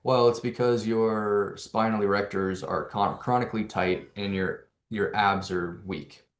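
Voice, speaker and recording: A man's voice: fairly low pitch, steady tone, unhurried, echoey room. A man coaching on neurology, explaining with rhetorical questions and growing energy. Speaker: neuro coach presenting to hosts. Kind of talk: animated explanatory talk.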